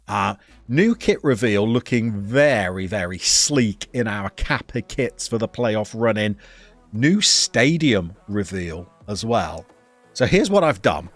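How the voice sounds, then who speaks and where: A man's voice: lowish voice, animated, measured pace, faint music behind. A middle-aged man, chatting casually as he hosts a live stream and greets viewers by name.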